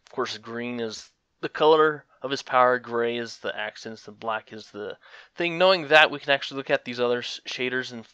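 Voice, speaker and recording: A young man talks through fighting game character skins in a loose, rambling way, full of fillers and chuckles. His voice is bright and forward. The recording is dry and slightly muffled. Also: mid-range voice, moderate pace, smooth, no echo. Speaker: gaming commentator. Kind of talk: casual gaming commentary.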